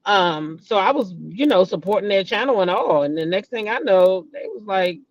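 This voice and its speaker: A woman's voice: mid-range voice, lively intonation, moderate pace, dry recording. A middle-aged woman hosting a casual gossip chat. She talks animatedly, repeats names and breaks into dramatic exclamations. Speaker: host. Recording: dull lo-fi recording.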